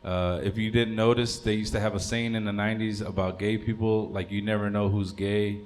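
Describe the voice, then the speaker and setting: Low-voiced rambling male stand-up comic. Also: level tone, a little hiss or hum. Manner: rambling, crude, halting with fillers. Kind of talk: stand-up comedy set.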